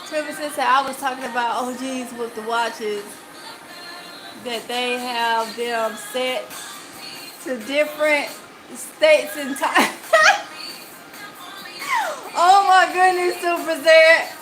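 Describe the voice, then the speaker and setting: A woman's voice: high voice, takes it slowly, music in the background, rough recording. A woman with a Mississippi accent hosting a livestream, reading viewer comments aloud in a chatty way and laughing easily. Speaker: channel host.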